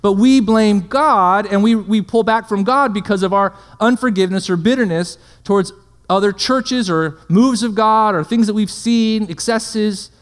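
A man's voice: high voice, moderate pace, smooth. A man preaching a sermon, full of rhetorical questions and checking in with his listeners. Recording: long hall reverb.

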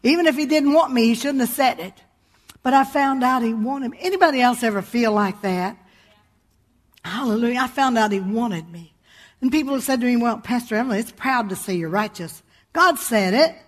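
High-pitched lady preacher, punchy and funny, keeps saying hallelujah. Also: a little fast, big-room sound. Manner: exclaims hallelujah often, emphatic and humorous. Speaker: pastor. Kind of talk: sermon.

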